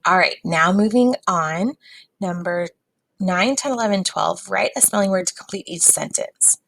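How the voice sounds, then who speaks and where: A woman teacher giving a recorded phonics lesson to young students, patient and sounding words out slowly. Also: on the low side, creaky, fairly bright tone, no echo, rough recording.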